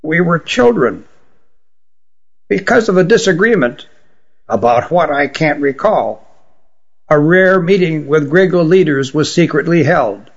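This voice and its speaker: A man reading an audiobook, voicing an ancient, remorseful queen with a slight rasp. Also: fairly high pitch, lively intonation, measured pace, pauses often. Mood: reminiscing. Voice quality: raspy. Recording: dull lo-fi recording.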